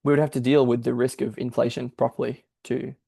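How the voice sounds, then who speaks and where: A man's voice: medium pitch, little pitch movement, fairly quick, vocal fry, dark tone, breathy edge, dry recording. A man thinking aloud as he explains a difficult text, in a searching, explanatory manner. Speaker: podcast host explaining a text. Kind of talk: exegetical commentary.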